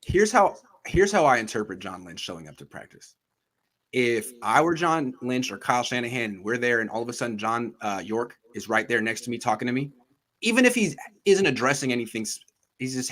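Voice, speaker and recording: A man hosting a casual sports talk show, animated and acting out quotes from others as he tells them. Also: medium pitch, brisk. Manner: animated, acts out quotes in voices. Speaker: podcast host.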